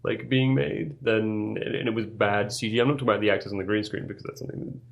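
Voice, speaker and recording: A man's voice: lowish voice, steady tone, fast, vocal fry, muffled recording. A man, an artist guest on a casual podcast, speaking hesitantly with frequent restarts. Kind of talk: casual chat.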